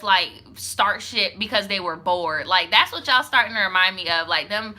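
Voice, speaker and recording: Bright, sassy woman storyteller. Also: mid-range voice, expressive, a little fast, few pauses. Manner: frank, profane, sassy asides, heavy use of "like". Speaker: storytime channel host. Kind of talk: reading a viewer's story with commentary.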